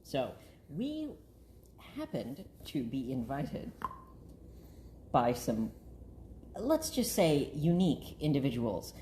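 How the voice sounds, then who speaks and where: A man's voice: mid-range voice, wildly swooping pitch, takes it slowly, pauses often, dark tone, slight background noise. A man hosting a podcast in casual chat, with a playful, grandiose manner and plenty of "uh" fillers. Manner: playful, grandiose self-introduction with frequent fillers. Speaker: podcast host.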